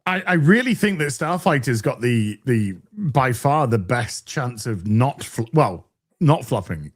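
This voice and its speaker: Brief: male podcast host, slow talker, very animated pitch, rambling. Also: breathy edge. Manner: rambling, restarts, chuckling. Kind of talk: casual chat.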